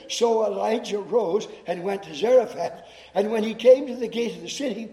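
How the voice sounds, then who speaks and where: Man, chapel sermon, high voice, mellow tone, deliberate repetition, echoey hall. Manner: deliberate, explanatory, repeats phrases for emphasis. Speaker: chapel speaker. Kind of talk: sermon to students.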